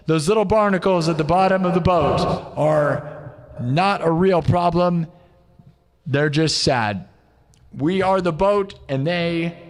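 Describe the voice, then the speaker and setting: Hyped high-voiced male streamer. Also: in a large hall. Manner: hyped, pep-talk chanting; mocks his haters. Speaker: live music streamer. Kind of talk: live stream chat.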